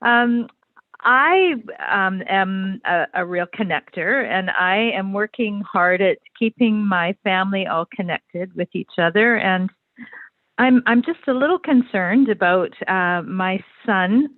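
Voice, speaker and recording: A woman's voice: medium pitch, takes it slowly, no room sound. Hesitant older woman caller on a phone line. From Canada. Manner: hesitant, many fillers and restarts.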